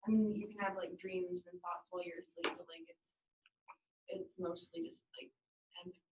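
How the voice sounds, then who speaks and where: A woman's voice: mid-range voice, very animated, moderate pace, narrow, tinny audio, background noise. A teenage girl student answering in a class discussion, hesitant and searching for words.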